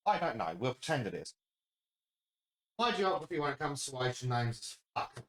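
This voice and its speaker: A man's voice: medium pitch, very animated, moderate pace, a bit bright. Sardonic, swearing podcast host, man. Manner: sardonic, profane, reads chat comments aloud. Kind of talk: casual political chat.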